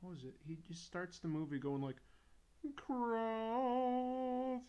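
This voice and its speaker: A man's voice: on the high side, fast talker, a little mellow, dull audio. A man hosting a comics livestream, joking casually and reading viewer comments aloud while he draws. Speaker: comics YouTube host.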